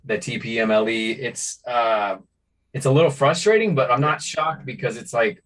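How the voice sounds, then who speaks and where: A man co-hosting a casual sports podcast in an easygoing, rambling manner. His voice has an ordinary middle pitch. He often restarts his sentences as he talks. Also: fairly bright tone. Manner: laid-back, rambling, with many restarts. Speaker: podcast co-host.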